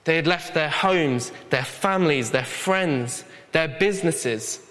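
A man's voice: fairly high pitch, slow, fairly bright tone. Young man preaching in a reverberant hall. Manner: earnest, conversational preaching with light humor. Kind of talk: sermon.

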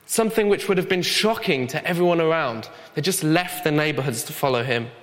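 Young man, fairly high voice, earnest conversational sermon with gentle humor, long hall echo. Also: a little fast. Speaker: preacher.

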